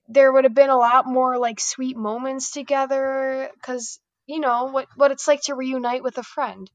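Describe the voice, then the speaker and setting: A woman's voice: sits high, dry recording, muffled recording. A woman guesting on a podcast, chatting casually in a meandering, hesitant way full of "like". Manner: meandering, hesitant, heavy use of "like". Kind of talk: casual chat.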